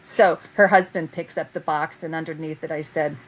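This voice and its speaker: Lively storytelling woman with a lowish voice. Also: moderate pace, rough recording. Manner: animated storyteller who laughs often and acts out quotes. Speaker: guest, vintage fabric reseller. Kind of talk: casual storytelling chat.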